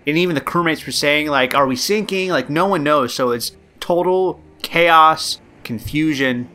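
A man's voice: a little high, unhurried, pushed and bright. A man hosting a podcast, telling a true story casually and rambling with many ums and uhs. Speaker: podcast host.

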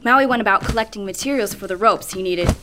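A woman reading a legend aloud in a measured, expressive way. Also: mid-range voice, noisy background. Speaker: storyteller. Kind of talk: read-aloud legend narration. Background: music.

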